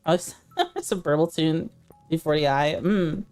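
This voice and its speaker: A woman's voice: low voice, moderate pace, darkish tone, faint music behind. A woman streamer chatting casually while playing, laughing easily and talking to her chat.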